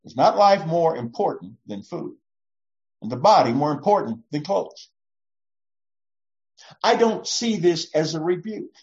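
A woman's voice: on the low side, expressive, measured pace, pauses often. Lady pastor preaching casual, voice jumps all over, lo-fi muffled sound. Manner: warm, reassuring, often acts out voices. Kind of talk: conversational sermon. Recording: dull lo-fi recording.

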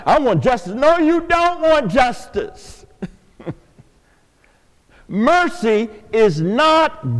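An older man preaching a sermon in a church, swinging from hushed, drawn-out pleas to loud calls to the congregation. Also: sits high. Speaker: pastor. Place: church sanctuary. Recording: long hall reverb.

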